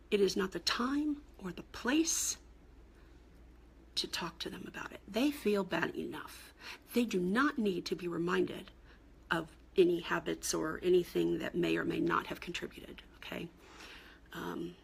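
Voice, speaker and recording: A middle-aged woman, a cancer coach, giving blunt, exasperated advice straight to camera in a husky, gravelly voice. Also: mid-range voice, slight background noise. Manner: blunt, exasperated, emphatic with rising outbursts. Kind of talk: direct-to-camera advice talk.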